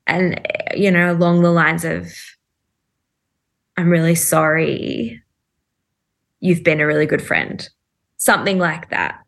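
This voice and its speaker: A woman's voice: low-pitched, vocal fry. A woman guest in a podcast interview, earnestly recounting a personal story with frequent fillers and quoted thoughts.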